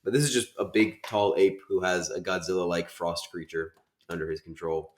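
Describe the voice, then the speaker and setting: A man's voice: low voice, steady tone, moderate pace, roomy sound. A man co-hosting a casual film review chat, emphatic and repeating his points as he complains at length. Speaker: podcast co-host.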